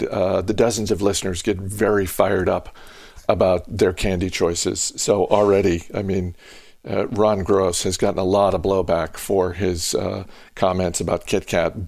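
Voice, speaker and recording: Podcast host, male, lowish fry-edged voice, loose conversational delivery. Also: darkish tone, dry recording, clean studio sound. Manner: conversational, restarts often. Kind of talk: casual podcast chat.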